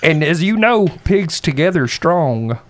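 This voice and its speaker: A man voices a hot-tempered adventurer with a folksy drawl and crude threats, speaking in a fairly high voice. His pitch jumps around lively as he plays the role in a tabletop game. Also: a little slow. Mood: brash.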